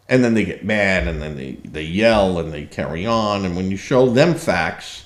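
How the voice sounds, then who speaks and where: A man's voice: low voice, animated, moderate pace, hardly any pauses, roomy sound. A man hosting a political commentary show, talking indignantly and sarcastically, with many fillers and restarts. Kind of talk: opinion commentary monologue.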